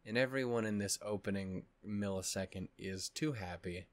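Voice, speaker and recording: A man's voice: lowish voice, moderate pace, no echo. Tired, swearing man in a dry close-mic vlog. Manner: tired, upset and swearing, rambling with restarts. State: tired, yawning. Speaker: anime reaction channel host. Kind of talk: casual reaction vlog chat.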